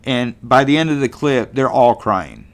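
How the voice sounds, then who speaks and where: A man's voice: medium pitch, expressive, normal speed. A middle-aged man from California hosting a casual monologue show, rambling in a folksy way with lots of fillers and restarts. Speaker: podcast host.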